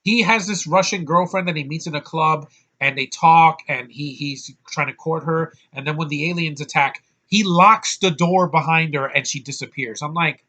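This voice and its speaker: A man's voice: on the high side, moderate pace, hardly any pauses, sharp tone. A man giving a casual, blunt and profane movie review from a small hot room, with many fillers.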